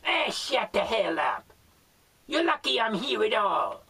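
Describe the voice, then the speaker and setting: A rude, bossy hillbilly grouch, as a man puts him on for a homemade comedy bit. The high, gravelly voice swings wildly, and he drags out his words while barking insults. It is heard from well back from the mic. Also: big pitch swings, unhurried, pushed and bright, full character voice. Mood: grumpy. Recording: voice far from the mic.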